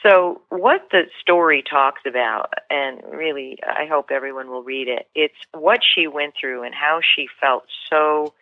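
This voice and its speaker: A woman's voice: deep voice, a little slow, few pauses, no echo. A woman guest on a podcast, telling a story earnestly and with feeling, often restarting her sentences. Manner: earnest, emotional, many restarts. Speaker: guest author and leadership coach. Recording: tinny phone line, dry.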